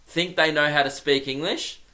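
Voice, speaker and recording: A man's voice: fairly high pitch, steady tone, normal speed, sharp tone. A young man hosting a solo comedy podcast, rambling and self-mocking and laughing at his own jokes.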